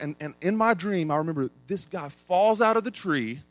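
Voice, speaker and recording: A young adult man from East Tennessee with an East Tennessee accent, preaching a sermon and telling a story with big swings in pitch and volume. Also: expressive, quick pace, hardly any pauses, no room sound. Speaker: pastor.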